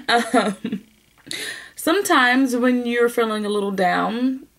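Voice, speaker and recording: A woman's voice: on the high side, takes it slowly. A woman hosting a knitting podcast, chatting casually to camera with lots of laughter. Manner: chatty, animated, laughs often. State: emotional, near tears at times.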